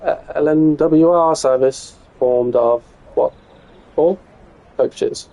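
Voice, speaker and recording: Casual English male streamer, gravelly and mellow, muttering play-by-play with the odd swear. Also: on the high side, slow, poor audio. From England. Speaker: live streamer. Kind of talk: casual gameplay commentary.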